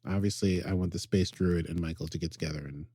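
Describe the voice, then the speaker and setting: A man's voice: low voice, steady tone, fast talker, dark tone, breathy edge, dry recording, clean studio sound. A man co-hosting a podcast, chatting playfully and enthusiastically about a TV episode. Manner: playful, enthusiastic fan banter. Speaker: podcast co-host. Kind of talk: casual chat about a TV episode.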